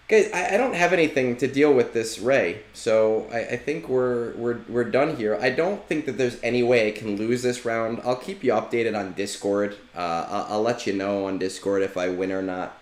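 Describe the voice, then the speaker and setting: Streaming a game, a man with a mid-range voice chats casually with viewers at a measured pace, relaxed and swearing freely. The sound is roomy.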